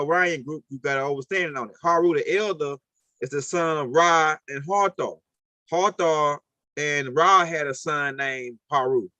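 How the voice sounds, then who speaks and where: A man with a New Orleans accent talks through his ideas in a loose, rambling way, keeping his listeners with him by asking "right?" over and over. His voice sits a little high. The sound is dry and close, with no room echo. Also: a bit bright. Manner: rambling, repetitive, with frequent "right?". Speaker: host of a call-in talk. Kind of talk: casual lecture.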